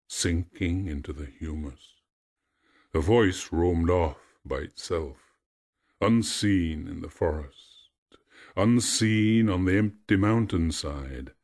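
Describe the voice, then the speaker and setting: A man narrating a myth in a measured, expressive storytelling voice. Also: low-pitched.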